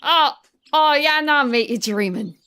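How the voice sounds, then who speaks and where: A woman voicing a cheery stereotyped Australian bloke in a put-on mock Australian accent, loud and sing-song. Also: high-pitched, expressive, a little slow, pitched above the performer's own voice, full character voice. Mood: teasing.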